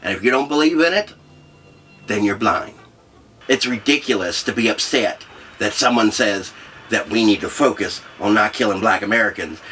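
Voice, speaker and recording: An actor playing a crude, rambling trailer park leader who hosts a comedy show, with a profane way of talking. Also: male voice, mid-range voice, a bit bright, slight background noise, natural voice. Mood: scolding. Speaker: comedy show host character. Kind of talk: scripted comedy monologue.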